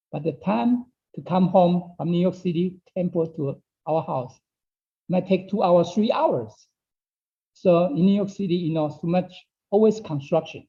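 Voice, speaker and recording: A man leads an online Dao study class, his voice high for a man but very dark and mellow in tone. His English is halting, not his first language, and he repeats phrases and keeps asking "okay?" The sound is dull and lo-fi. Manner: non-native English phrasing. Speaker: Dao teacher.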